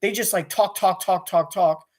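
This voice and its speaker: Fast-talking man in a profane rant. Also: sits high, fairly even intonation, a little mellow. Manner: rapid, restless, with many restarts and swearing. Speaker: sports radio caller venting on his channel. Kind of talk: angry profane rant to camera.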